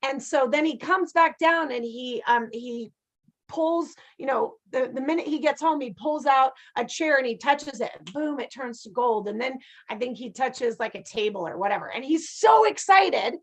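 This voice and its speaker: A woman with a high, bright-sounding voice leads a casual class on abundance. She talks in a loose, animated way, often checking in with her listeners as she tells stories. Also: moderate pace. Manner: chatty, animated storytelling with frequent "right?". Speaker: abundance teacher. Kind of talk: casual teaching talk.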